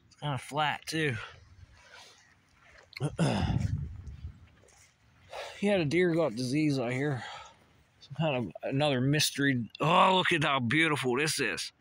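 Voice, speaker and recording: A man's voice: mid-range voice, a little slow, long pauses, a bit bright. A man vlogging on a hilltop walk, rambling and swearing casually as he chats to animals and trees, recorded outdoors on a phone. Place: outdoors on a hilltop walking path. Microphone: phone camera.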